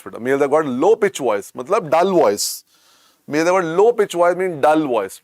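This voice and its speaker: A man with an Indian accent and a croaky voice teaches an online medical lecture, repeating points and coaxing students. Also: fairly high pitch, very animated, normal speed, dry recording, clean studio sound. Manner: repetitive, coaxing, calls students "beta".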